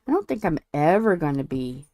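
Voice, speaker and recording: A woman's voice: deep voice, big pitch swings, a little fast, mellow. A woman with a stuffy head cold chatting casually with viewers while she works on a craft, rambling and tripping over some words. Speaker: diamond painting channel host.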